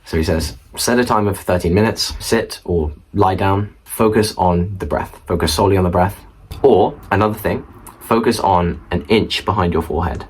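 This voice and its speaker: A man's voice: sits low, moderate pace, husky, low-quality recording. A young man talking casually to camera in a room, explaining study tips with chatty asides to the viewer. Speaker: student study vlogger. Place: indoor room at home. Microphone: camera mic facing viewer.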